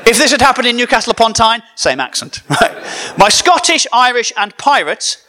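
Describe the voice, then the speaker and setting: A high-voiced man preaching with a comedian's timing, his pitch swinging widely as he jokes and banters with the crowd. His tone is bright and forceful, full of animated energy. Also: normal speed. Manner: animated, joking, banters with the audience. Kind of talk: comedic sermon to a live audience.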